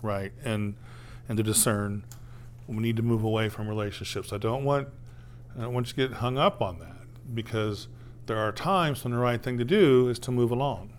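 A man's voice: mid-range voice, normal speed, a little hiss or hum. A man preaching a conversational sermon, often asking "right?" and acting out the voices in a parable. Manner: conversational preaching, acts out quoted voices, tag questions. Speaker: pastor.

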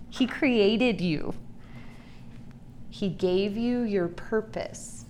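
A woman in her forties gives a personal Bible teaching at a Christian women's gathering, speaking earnestly and confessionally, slow and deliberate. Her voice is medium-pitched, with slight background noise.

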